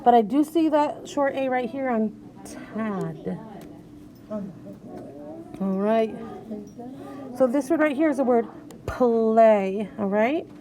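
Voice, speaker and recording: A woman teaching young children to read, coaxing them along as she sounds out each letter. Her voice sits high and bright. She takes her time, with an unhurried pace. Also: lively intonation. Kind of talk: reading lesson for young children.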